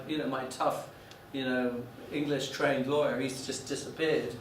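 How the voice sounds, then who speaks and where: Halting male lecturer in an echoey room. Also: medium pitch, little pitch movement, slight background noise. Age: 40s. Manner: halting, many restarts and fillers. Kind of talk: classroom lecture with anecdotes. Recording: echoey room, mic from a distance.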